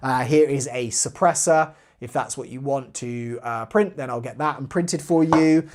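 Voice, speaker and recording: A man's voice: mid-range voice, normal speed, heavy background noise. A man hosting a live airsoft stream, chatting casually and reading out viewer comments between giveaway talk. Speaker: airsoft channel host.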